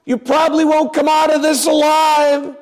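A man voicing distraught believers who beg their beloved teacher not to go, pleading in a high, frantic voice. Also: level tone, moderate pace, darkish tone.

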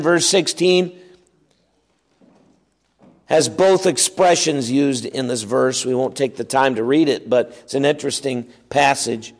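A man teaching the Bible verse by verse, reading passages aloud and explaining them with emphasis. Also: on the high side. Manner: emphatic, reads scripture aloud then explains it.

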